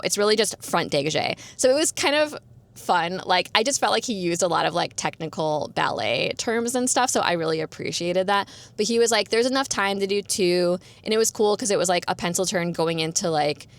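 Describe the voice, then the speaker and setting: A woman's voice: fairly low pitch, a bit bright. A young woman hosting a podcast, chatting casually on her own and filling her talk with "like". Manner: chatty, peppered with "like". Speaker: podcast host. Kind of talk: casual solo chat.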